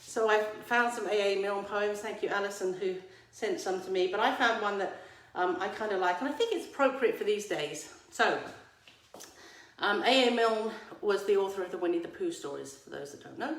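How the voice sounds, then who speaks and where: An Englishwoman vlogs at home, holding her phone camera at arm's length and chatting casually to viewers with playful, teacherly asides. Her voice is mid-range and moves at a normal speed, and the room echoes.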